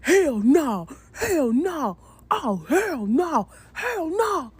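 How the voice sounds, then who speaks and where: A woman's voice: high-pitched, sing-song, very slow, pitched above the performer's own voice, full character voice. A woman quoting her male date, a blunt man repeating curt refusals in her storytime vlog. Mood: alarmed.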